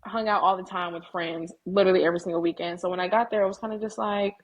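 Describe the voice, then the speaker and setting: A woman's voice: fairly low pitch, fairly even intonation, quick pace, lo-fi sound. A young woman in her twenties, a graduating student and interview guest, talking candidly and peppering her stories with "like". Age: 20s. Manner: candid storytelling, frequent "like". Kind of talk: casual interview.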